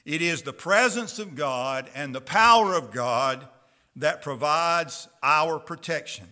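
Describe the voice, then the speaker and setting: Male preacher, high bright voice, unhurried, earnest scripture reading. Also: animated. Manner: reads scripture slowly and earnestly, asks the listeners questions. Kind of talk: sermon.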